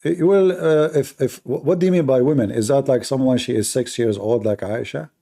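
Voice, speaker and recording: A man's voice: mid-range voice, fairly quick, vocal fry, warm tone. A male livestream debate host who talks in a mocking, combative way, with sarcastic jabs and broken, non-native grammar. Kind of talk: combative live debate talk.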